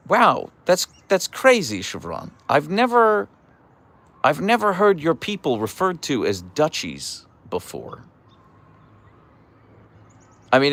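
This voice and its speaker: A young man hosting a casual live stream and answering chat in a playful, animated way, with mock outrage and stammered restarts. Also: fairly high pitch. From United States. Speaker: livestream host reading chat.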